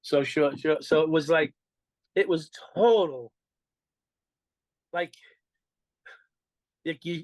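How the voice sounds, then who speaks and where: A man's voice: fairly high pitch, takes it slowly, long pauses, dry recording, rough recording. An older man with a New York accent, telling his own story in an interview in a blunt, profane way and acting out the dialogue he quotes. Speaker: interview guest.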